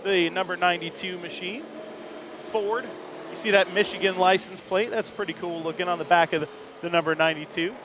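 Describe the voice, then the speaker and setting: A man's voice: sits high, fairly even intonation, fairly quick. A man roving a race garage as a reporter, chatty and jokey, laughing often as he introduces drivers. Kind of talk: roving live garage commentary. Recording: noisy garage ambience.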